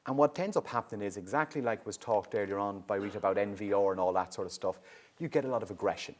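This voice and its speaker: A middle-aged Irish man with a fairly low voice gives a public awareness talk on youth drug use. He explains in a lively, conversational way and keeps checking that the listeners follow him. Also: fast talker. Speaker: youth drug and alcohol service worker.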